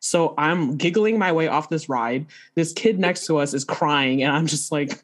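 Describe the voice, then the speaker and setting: A woman telling a funny story in casual chat, animated and laughing often as she quotes herself. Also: low voice, normal speed.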